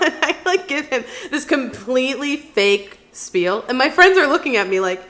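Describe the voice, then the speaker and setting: A woman's voice: high voice, lively intonation, moderate pace, hardly any pauses, sharp tone. A woman vlogger telling true stories in a chatty, casual way, laughing often and acting out the voices of others. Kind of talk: casual storytime.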